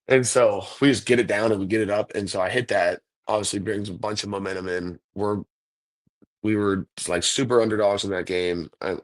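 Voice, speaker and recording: A relaxed man talking through stories in a casual interview. His voice sits fairly low, and he rambles along, filling his sentences with "like" and "dude". He sounds like an athlete talking shop about game moments. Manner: laid-back, rambling storyteller, says "like" and "dude" a lot. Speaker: NFL kicker, guest.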